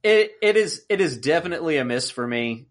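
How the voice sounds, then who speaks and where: Man, podcast co-host, casual chat, lively swooping pitch, exasperated ranting. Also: brisk. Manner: animated ranting, acts out exasperated outbursts.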